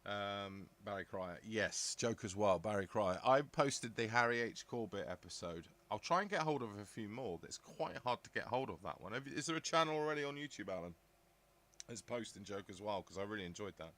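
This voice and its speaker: A middle-aged man from southern England hosts a casual live stream, thinking aloud and answering viewers' comments. His voice sits a little low but has a bright, forceful edge. He rambles and muses as he goes. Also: animated, a little fast. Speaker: live stream host reading chat. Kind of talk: casual live-chat talk.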